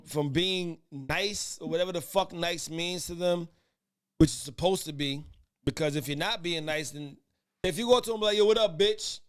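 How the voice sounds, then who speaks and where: A man's voice: fairly high pitch, a bit bright, clear, resonant tone. A man hosting a casual podcast debate, who keeps calling for order and talks in rambling restarts. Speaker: podcast host.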